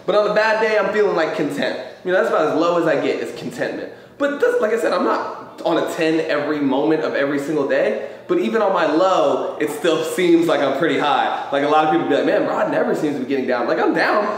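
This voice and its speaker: A man hosting a live question-and-answer show, talking in a loose, animated way about feelings and life and swearing casually. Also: on the high side, a little fast. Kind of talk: casual motivational chat. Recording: very echoey room.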